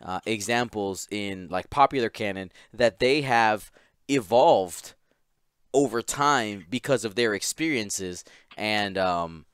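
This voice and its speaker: Smooth-voiced man chatting on a podcast. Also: lowish voice, takes it slowly, fairly bright tone, no echo, clean studio sound. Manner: giggly, rambling with many restarts. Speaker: podcast host. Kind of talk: casual podcast chat.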